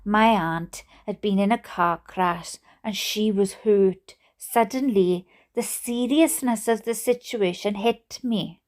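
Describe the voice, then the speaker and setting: Welsh woman reading aloud, slow. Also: medium pitch. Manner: giggly, breaks into laughter. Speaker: storyteller.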